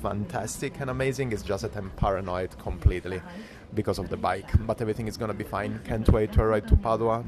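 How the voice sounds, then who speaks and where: A man talking casually to his camera while travelling by train and arriving at stations, rambling and talking to himself. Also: fairly low pitch. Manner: rambling, self-talk. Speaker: cycling vlogger. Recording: noisy train ambience.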